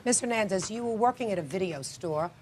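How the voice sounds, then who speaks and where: A woman presiding as a judge, summarizing claims and firing brisk, pointed questions at the parties. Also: mid-range voice, animated, slight background noise. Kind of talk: questioning litigants in a televised courtroom.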